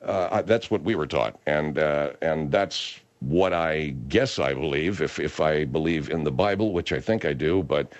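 A man's voice: rumbling low, normal speed, few pauses. A man hosting a radio talk show, rambling and hesitant as he chats. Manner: rambling, hesitant, lots of restarts.

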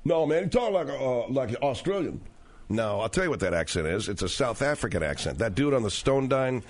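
A middle-aged man hosting a comedic talk radio show, riffing sarcastically on news stories with animated delivery. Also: mid-range voice, brisk.

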